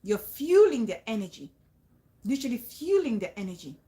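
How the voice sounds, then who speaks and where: A woman's voice: on the high side, very animated, a little fast, mellow. A woman talking to her viewers, emphatic and repetitive, often restarting phrases and urging them to trust her. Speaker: vlogger giving advice. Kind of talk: casual talk to viewers.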